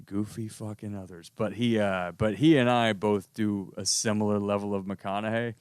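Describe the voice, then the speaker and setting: A man's voice: on the low side, steady tone, normal speed, a little mellow, smooth, dry recording, clean studio sound. A man guesting as a comedian, chatting in a rambling, profane way and laughing often. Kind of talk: casual chat.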